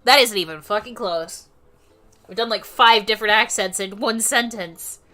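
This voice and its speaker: A woman streamer giving loud, joking commentary and asides while reading a game aloud, with some swearing. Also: mid-range voice, moderate pace, soft background music. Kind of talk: let's-play commentary.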